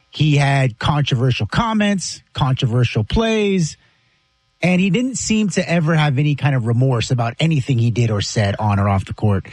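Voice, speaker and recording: An emphatic man on a sports talk show, his voice sitting a little high and ranging widely as he builds his point. The recording is dry and close. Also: darkish tone, no room sound. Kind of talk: sports commentary.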